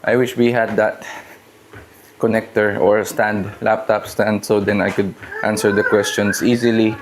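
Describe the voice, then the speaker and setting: A man's voice: on the low side, little pitch movement, unhurried, a little hiss or hum. A man hosting a casual fitness live stream from his home gym, talking in a loose, rambling and joking way. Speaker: fitness livestream host.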